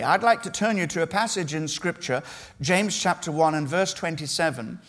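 A man preaching a sermon as pastor, speaking earnestly with emphatic phrasing and measured pauses. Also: on the high side.

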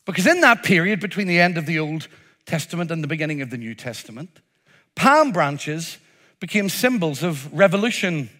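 A man's voice: a little high, very animated, normal speed, pushed and bright. A man preaching a sermon, emphatic, acting out the crowd's cries with a rising voice.

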